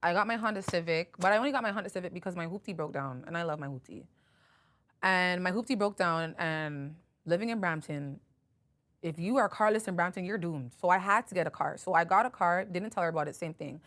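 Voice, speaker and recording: A woman's voice: on the low side, fairly quick, a bit bright. A woman talks through a personal story on her podcast in a loose, chatty way. She acts out both sides of a phone conversation and fills her speech with "like" and "you know.". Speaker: podcast host. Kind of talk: casual storytelling chat.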